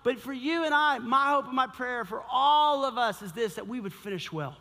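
A high-pitched man preaching in a large, echoing hall, bright and forceful. He tells a comic personal story as a sermon and acts out his own thoughts with animated swings. The long reverb of the room hangs on every phrase. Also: normal speed, creaky. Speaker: pastor.

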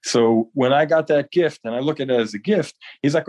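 A man's voice: mid-range voice, a little fast, few pauses, darkish tone. A man talking earnestly as an interview guest, often repeating words as he speaks. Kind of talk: casual interview talk.

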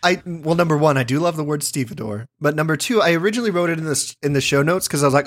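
A man's voice: fairly high pitch, rapid-fire. Brief: male co-host, playful, dry delivery. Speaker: podcast co-host. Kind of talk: casual chat.

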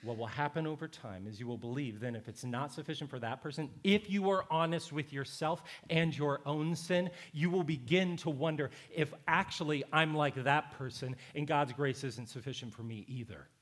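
A man's voice: fairly high pitch, normal speed, hardly any pauses. Conversational man preaching a sermon. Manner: conversational preaching, emphatic and repetitive. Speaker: pastor.

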